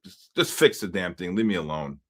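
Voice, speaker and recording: A New Yorker hosting a trading livestream speaks a little fast in a low voice. Chatting casually as he trades live, he rambles, jokes around, and tells animated stories between market calls, with asides to chat.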